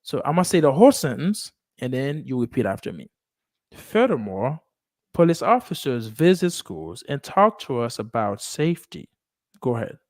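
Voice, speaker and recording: A man's voice: mid-range voice, big pitch swings, darkish tone, no echo, studio quality. Man coaching English pronunciation. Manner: coaching, repeats phrases slowly, mixes Haitian Creole and English. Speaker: English teacher. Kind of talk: live online English lesson.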